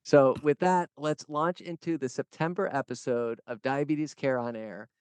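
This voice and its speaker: Male co-host, smooth, clear voice with wry humor, dry close mic. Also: medium pitch, fairly even intonation, moderate pace, a little mellow, no echo. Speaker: podcast co-host. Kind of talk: podcast intro and banter.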